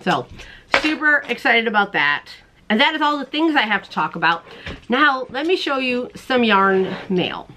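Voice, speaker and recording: A woman hosting a crochet show, chatting casually to the camera in a bubbly way, laughing often and putting on silly squeaky voices. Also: big pitch swings, normal speed, noisy background. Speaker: crochet podcast host.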